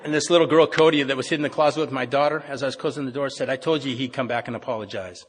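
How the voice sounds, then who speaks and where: A man's voice: mid-range voice, steady tone, very fast, slight background noise. A middle-aged man telling his recovery story to a meeting, plainspoken, with frequent restarts. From Pacific Northwest of the US. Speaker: AA meeting speaker. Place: meeting hall. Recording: reverberant meeting hall.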